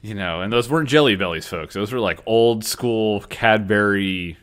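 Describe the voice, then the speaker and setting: A man co-hosting a casual podcast chat, slangy and animated, often acting out characters' lines. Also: lowish voice, moderate pace, clean tone. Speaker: podcast co-host.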